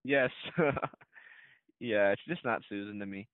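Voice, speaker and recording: This podcast co-host has a fairly low, clean-toned voice and speaks a little slowly about a film trailer. The casual chat meanders slightly, full of fillers and quick laughs, captured in a dry, tinny, phone-like recording.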